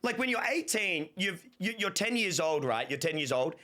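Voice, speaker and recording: A man's voice: high voice, moderate pace. A man, chatting casually and telling rambling stories on a livestream with lots of slang. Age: 30s. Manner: rambling, animated storytelling with playful slang. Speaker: streamer.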